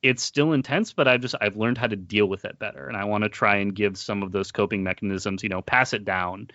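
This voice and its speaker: A man hosting an interview, talking earnestly in a casual, halting way with many fillers and restarts. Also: lowish voice, steady tone, pushed and bright, dry recording, lo-fi sound. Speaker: podcast host.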